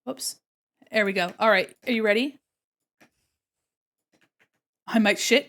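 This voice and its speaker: A woman's voice: mid-range voice, slow pace, pauses often, a bit bright. A woman art streamer chatting casually and playfully with her viewers while she works on a drawing. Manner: chatty and playful, talks to chat while working.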